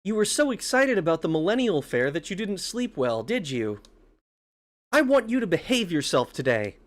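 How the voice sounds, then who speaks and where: A man's voice: high-pitched, very animated, moderate pace, pitched above the performer's own voice. A man putting on a fussy mom voice. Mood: nagging. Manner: singsong, scolding. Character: fussy middle-aged mother waking her son.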